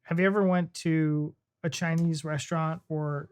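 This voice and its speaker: An American woman hosts a casual reaction video. Her voice is slightly low, and she chats in a bubbly way, often laughing. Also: fairly even intonation, normal speed, darkish tone, clear, resonant tone. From United States. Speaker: reaction channel host.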